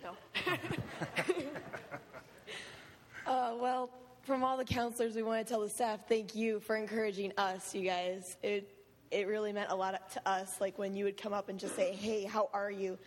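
A teenage girl whose voice is hoarse and worn out gives an earnest, emotional testimony as a camp counselor, breaking into laughter often. Her pitch sits in the middle range, and her words ring with a long hall reverb, as if recorded in a church sanctuary. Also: steady tone, moderate pace, pauses often. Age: late teens.

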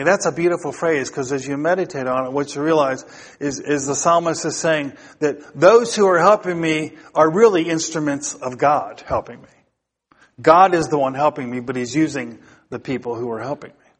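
A man's voice: a little high, normal speed, a bit bright. A male pastor preaching a sermon to his congregation, building emphasis through repeated phrases and putting questions to the listeners. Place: church sanctuary. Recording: long hall reverb.

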